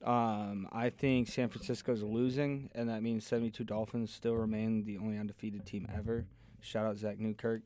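A man's voice: lowish voice, little pitch movement, moderate pace, warm tone. A man co-hosting a casual sports chat, joking and playful.

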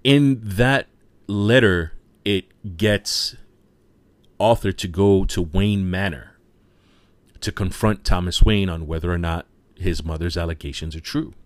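A man's voice: deep voice, slow pace, no echo. A man giving a casual, enthusiastic spoken movie review, retelling scenes and peppering his talk with "you know". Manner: frequent fillers like "you know". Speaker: film reviewer.

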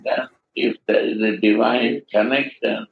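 A man speaking as a guru, teaching slowly with emphatic devotional statements, on a dull lo-fi recording. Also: fairly low pitch, little pitch movement, creaky, a little hiss or hum.

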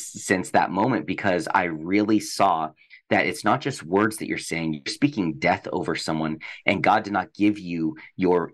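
A man's voice: low-pitched, a bit bright. A man on a faith podcast, telling a personal testimony in an earnest, reflective way. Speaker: podcast co-host.

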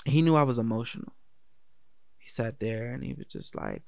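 Gravelly man telling a candid story. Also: medium pitch, a little fast, no room sound. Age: adult. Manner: candid, profane, animated. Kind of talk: casual personal storytelling.

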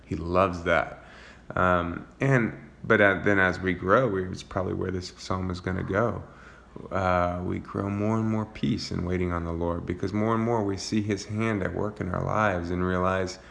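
A man leading an informal Bible study, reading psalms aloud and explaining them in a relaxed, searching way. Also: deep voice, creaky, a little hiss or hum. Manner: reads psalm passages aloud, then comments in a relaxed, searching way with fillers. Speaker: Bible teacher.

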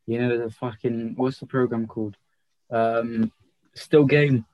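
A man's voice: mid-range voice, fairly even intonation, unhurried, no echo, lo-fi sound. Laughing, sweary young man. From North London. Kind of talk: casual banter.

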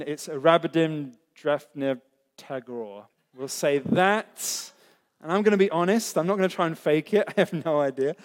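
A man preaching a sermon as pastor, earnest and conversational, asking the congregation rhetorical questions. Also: fairly high pitch. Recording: echoey hall.

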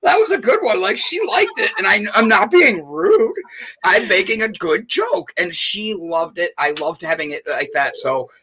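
A man's voice: sits high, animated, measured pace, pushed and bright, husky. A man hosting a casual on-air chat, playful and joking, rambling with restarts. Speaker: host.

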